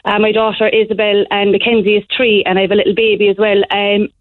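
A woman's voice: medium pitch, no echo. Woman telling a story down a phone line. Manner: animated storyteller, fast and breathless. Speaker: caller. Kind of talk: phone-in call to a radio show.

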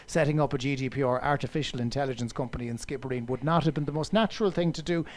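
An Irish man hosting a radio business interview, quick and jokey with his guests. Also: medium pitch. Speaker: radio business show host.

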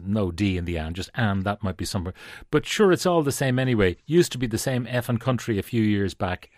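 A man hosts a book club segment on the radio. His voice sits low and sounds dry and close. He speaks at a measured pace with frequent "uh"s and restarts. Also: lively intonation, a little mellow, no room sound. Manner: halting, many "uh"s, measured. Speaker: radio show host. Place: radio studio.

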